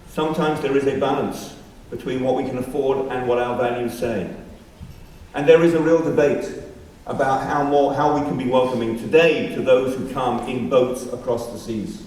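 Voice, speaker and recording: Rabbi giving a measured assembly address with dry humor; distant mic, heavy hall echo. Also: male voice, mid-range voice, a little mellow. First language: not Australian-born. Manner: measured, wry asides. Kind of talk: formal speech. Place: large school hall. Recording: very echoey hall from far off, faint background noise.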